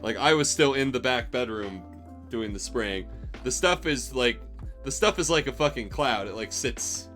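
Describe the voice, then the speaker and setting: A man's voice: medium pitch, animated, moderate pace, a bit bright, faint music behind. A young man telling a rambling, profanity-laced story about a bad job, exasperated and wry. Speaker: streamer telling stories. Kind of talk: casual storytelling.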